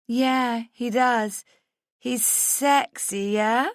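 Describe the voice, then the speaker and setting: A woman voicing a tipsy, excitable young female friend who squeals and shouts, in a dry close recording. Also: fairly high pitch, drawn-out words, no echo, pitched above the performer's own voice. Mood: giddy. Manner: squealing, shouting over noise.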